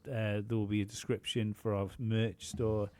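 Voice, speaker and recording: Rambling man, low voice. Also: level tone, moderate pace, a little mellow, clear, resonant tone. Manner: rambling, full of fillers and swearing. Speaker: podcast co-host. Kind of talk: casual podcast chat.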